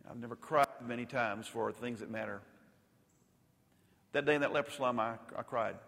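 A male pastor preaching a sermon, rising to loud emphatic peaks and dropping to soft, intimate lows. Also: normal speed, gravelly. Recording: long hall reverb.

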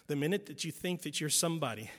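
A man's voice: on the high side, expressive, fast talker, a bit bright. A male preacher giving an emphatic sermon, driving points home by repetition and adding wry asides. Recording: long reverb in a large hall.

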